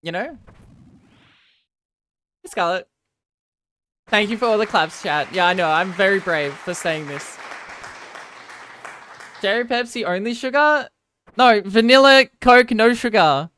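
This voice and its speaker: A woman's voice: mid-range voice, lively intonation, a little slow, pauses often, fairly bright tone, some chatter behind. An Australian woman streaming live, rambling casually and mocking herself as she answers her chat. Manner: rambling, self-mocking, answers viewers' chat between game moments.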